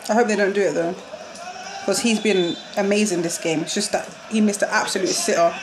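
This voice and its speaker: A young woman reacting live to a football match, excitable and quick to shriek and laugh. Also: medium pitch. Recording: loud crowd noise behind. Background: crowd noise from the match broadcast.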